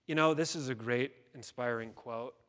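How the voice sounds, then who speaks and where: A man's voice: mid-range voice, normal speed, fairly bright tone, clear, resonant tone. A man giving a keynote speech, telling a story dramatically and acting out the people in it. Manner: dramatic storytelling with quoted voices. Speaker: keynote speaker. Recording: long hall reverb.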